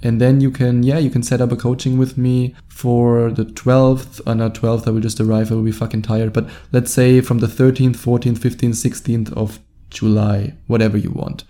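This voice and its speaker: A man with a German accent talks in a loose, rambling monologue, chuckling between phrases. His voice is very dark and mellow, pitched at an ordinary middle. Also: little pitch movement, moderate pace. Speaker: dating coach. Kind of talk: casual podcast monologue.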